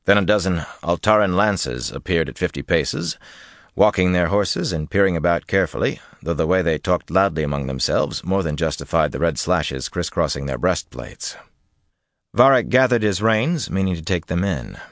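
A deep-voiced male narrator reading a fantasy novel in a measured, storytelling way. His delivery rises and falls a lot, and the recording is close and dry with no room sound. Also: animated, fairly bright tone, no echo. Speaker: audiobook narrator.

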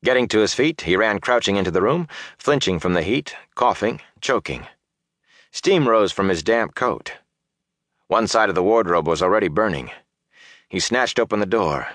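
A man narrating a fantasy audiobook in a steady, measured storytelling voice. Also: fairly low pitch, no room sound, clean studio sound.

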